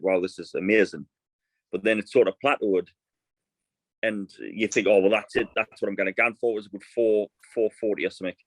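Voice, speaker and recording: A man's voice: fairly low pitch, no echo, rough recording. A man, chatting casually as a podcast guest and telling stories with many restarts. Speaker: guest, fast bowler.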